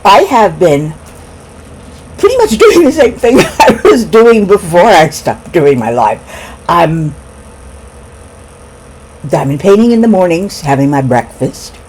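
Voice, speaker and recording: Giggly middle-aged lady chatting slow over breakfast at home, bouncy voice, bit of faint noise behind. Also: on the low side, sing-song, darkish tone, poor audio. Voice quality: giggly, laughs between words. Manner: rambling, talks with mouth full over breakfast. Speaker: craft vlogger. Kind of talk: casual chat.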